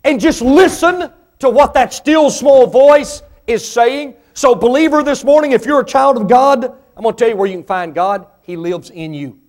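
A high-voiced man preaches a sermon as pastor of a church. His delivery swells in pitch and loudness, then drops low, and he voices imagined listeners asking him questions. He stretches key phrases slowly for weight. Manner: preaching with sudden rises in pitch and volume, voicing imagined listeners.

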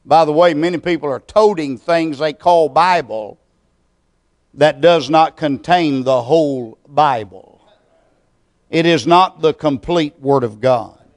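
A man preaching a sermon and leading a prayer, with a deliberate, measured delivery full of pauses. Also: a little high. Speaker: pastor.

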